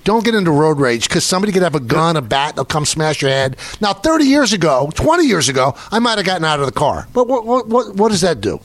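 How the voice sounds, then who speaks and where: A man in his sixties, a radio show host, telling a story in casual banter with animated, mock-outraged delivery. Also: a little high, fast, hardly any pauses, no room sound. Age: 60s.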